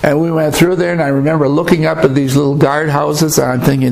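An older man telling a story in a casual, halting way, with many restarts and pauses. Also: a little high, little pitch movement, creaky, a little mellow, low-quality recording. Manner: rambling, halting, with restarts and hesitations. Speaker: storyteller recounting a trip. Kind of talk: casual spoken recollection.

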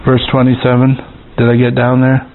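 A man preaching an informal sermon in a conversational way, repeating words and reading scripture verses slowly. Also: medium pitch, completely flat delivery. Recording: tinny phone-like sound with faint hiss.

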